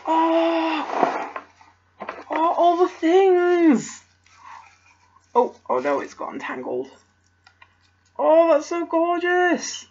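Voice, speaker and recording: A young woman, chatting casually as she unboxes a parcel, gasping and gushing with excitement. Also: extremely high pitch, very slow, pauses often. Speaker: vlogger opening a parcel. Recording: slightly dull home video audio.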